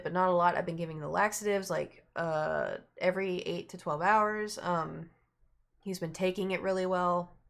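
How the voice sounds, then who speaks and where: Chatty woman streamer telling a long story. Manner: chatty, rambling, acts out quoted people with raised pitch. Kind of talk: casual storytelling chat.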